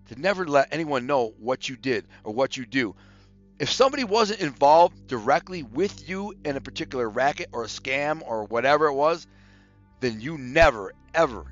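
A man casually telling stories from his past in a streetwise, animated way, acting out what others said. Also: medium pitch, lo-fi sound. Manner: streetwise, animated, quotes others in acted voices. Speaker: storyteller recalling his past. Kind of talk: casual storytelling monologue.

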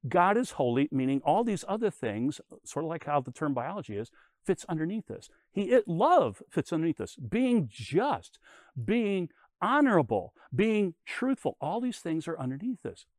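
Older male Bible teacher, animated storyteller, slightly high voice, dry close sound. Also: normal speed, no room sound. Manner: storytelling, explains with everyday comparisons.

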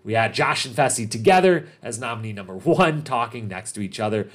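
Man, podcast host, mid-pitched, emphatic casual recap delivery that hammers each point. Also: fairly quick. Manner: animated, emphatic, repeats points for stress.

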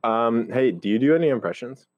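A man's voice: medium pitch, lively intonation, fairly quick, dry recording. Playful male co-host, dry lo-fi sound. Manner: playful, teasing. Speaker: podcast co-host. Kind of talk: casual podcast chat.

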